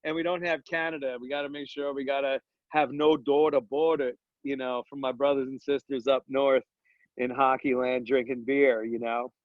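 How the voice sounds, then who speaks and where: A man talking as a podcast guest and dental business coach, energetic and joking, rambling with slang asides. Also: medium pitch, moderate pace, dry recording, dull audio. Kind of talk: casual podcast conversation.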